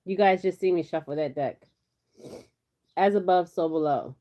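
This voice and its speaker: A woman's voice: on the low side, moderate pace, dark tone. A woman doing a casual tarot reading on camera, chatting in a rambling way and often checking in with "okay?". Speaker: tarot reader. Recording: slightly dull lo-fi audio.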